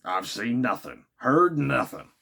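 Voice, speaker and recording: A blustering, burly harpooner shouts his complaints in a booming audiobook voice, as a man reading the book puts him on. The voice leaps high and loud when he is angry and swings widely. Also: very animated, slow, gravelly, breathy edge, exaggerated voice. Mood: blunt. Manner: loud and exasperated.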